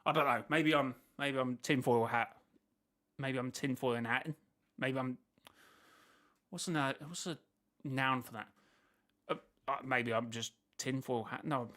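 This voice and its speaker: A man's voice: mid-range voice, a little slow, pauses often, sharp tone. A man hosting a casual reaction stream, rambling and second-guessing himself as he thinks aloud. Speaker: host reacting to a video.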